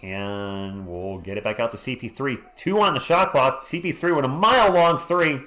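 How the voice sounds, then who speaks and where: A hoarse man hosting a live stream, calling a game play by play in a casual way and greeting chat viewers between plays. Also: mid-range voice, normal speed, a bit bright. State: hoarse, losing his voice. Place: home at night.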